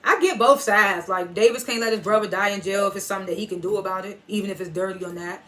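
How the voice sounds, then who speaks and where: A woman's voice: medium pitch, quick pace, a bit bright. A woman reviewing a TV episode in a casual recap, loosely retelling scenes and swearing now and then.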